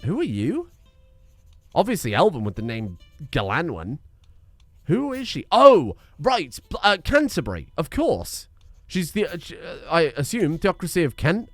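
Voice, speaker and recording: A man giving casual commentary while playing a strategy game, rambling with wry, self-deprecating asides. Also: mid-range voice. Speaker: video game streamer. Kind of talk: casual let's-play commentary.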